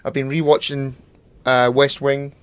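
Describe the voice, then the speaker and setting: A man's voice: mid-range voice, flat delivery, a little slow, smooth, dry recording. Rambling man, dry close sound. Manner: rambling, hesitant, swears freely. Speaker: podcast co-host. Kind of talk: casual chat.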